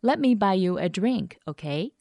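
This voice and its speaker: Woman radio host, lively pitch, unhurried, dry studio sound, careful enunciation. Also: vocal fry, no room sound. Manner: slow, careful enunciation of model phrases. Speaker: language teacher and host. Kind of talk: scripted radio lesson.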